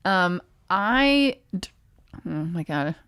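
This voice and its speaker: Woman comedian w/ hiccups, lowish smooth voice, dry close mic, halting story full of ums. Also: animated, fairly bright tone, dry recording. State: has the hiccups. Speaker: podcast co-host, comedian. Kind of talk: casual storytelling chat.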